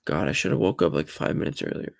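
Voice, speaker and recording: Speaking quickly on a dry recording, a man hosts a casual live watch-along from a desk in a room at home. Just awake, he's groggy and dry-throated, rambling and flustered as he talks to himself and his chat.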